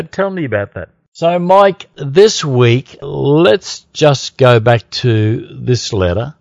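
Lively, joking Australian man. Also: mid-range voice, no room sound, muffled recording. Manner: jokey, laughing, animated. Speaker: podcast co-host. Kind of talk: casual chat.

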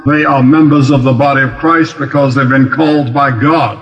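A man speaking slowly and earnestly about faith in a conversation. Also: medium pitch, steady tone, reverberant, big-room sound, highs cut off. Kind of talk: casual discussion.

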